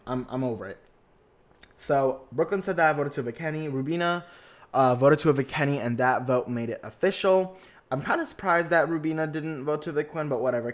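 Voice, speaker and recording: A young man hosting a podcast, giving a sassy, gossipy recap of reality TV with lots of swearing and dramatic asides. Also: a little high. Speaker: podcast host.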